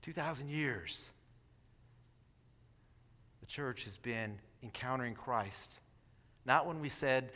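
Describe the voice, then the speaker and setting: A man preaching a sermon as pastor, with dynamic delivery that swings from loud exclamations to soft, near-whispered prayer. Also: medium pitch, animated, unhurried, long pauses, long reverb tail. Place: church sanctuary.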